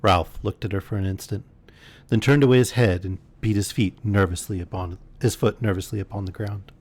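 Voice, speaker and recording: A man calmly reading a classic novel aloud as a bedtime story. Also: fairly low pitch, fairly quick.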